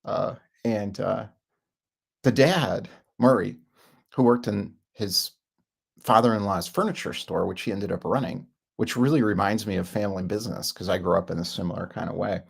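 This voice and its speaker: A man's voice: lowish voice, normal speed. A middle-aged man giving a rambling self-help talk, full of fillers and frequent chuckles. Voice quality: gravelly, husky.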